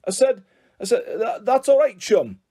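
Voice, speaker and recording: Brief: man playing a hurried, stammering headteacher in a storybook, animated and warm. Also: on the high side, breathy edge, exaggerated voice. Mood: flustered. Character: flustered headteacher with a boy inside, hurried. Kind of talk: audiobook character voice.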